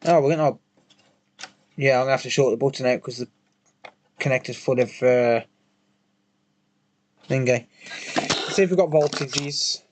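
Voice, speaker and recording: A man's voice: medium pitch, normal speed, long pauses. A man chatting casually on a live repair stream, joking, swearing and answering his chat as he works.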